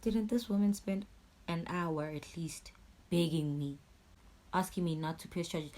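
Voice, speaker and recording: Low-voiced angry Swazi woman. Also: a little slow. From Eswatini. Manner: angry, animated, swears a lot, switches into siSwati. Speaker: YouTuber. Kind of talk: storytime vlog.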